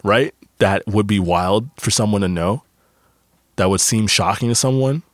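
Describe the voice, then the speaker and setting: A man's voice: fairly low pitch, measured pace, no echo, studio quality. A young man hosting a podcast, talking in a loose, rambling and profane way, full of fillers and restarts. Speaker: podcast host. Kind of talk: casual monologue.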